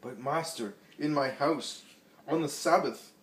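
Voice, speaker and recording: A man's voice: mid-range voice, quick pace, a little mellow, lightly acted. A man voicing an affronted, wealthy male banquet host who answers indignantly and defensively, recorded in an echoey room from a distance. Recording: echoey room, distant mic, faint hiss.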